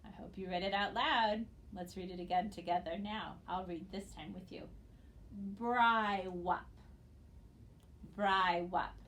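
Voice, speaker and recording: A woman's voice: medium pitch, steady tone, slight background noise. Patient woman teaching phonics. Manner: patient, encouraging, spells letters slowly. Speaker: reading teacher. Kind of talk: recorded phonics lesson.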